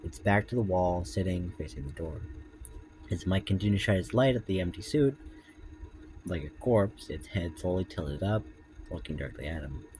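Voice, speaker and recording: A man's voice: low-pitched, lively intonation, moderate pace, darkish tone, soft background music, poor audio. A man reading his own story aloud, breaking off for casual, swearing asides to explain it.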